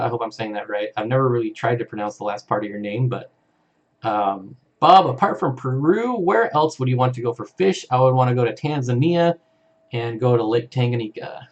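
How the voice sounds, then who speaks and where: A man's voice: medium pitch, highs cut off. A man hosting a casual live stream, reading out viewer comments in an easygoing way and chuckling often. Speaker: live-stream host for an aquarium channel.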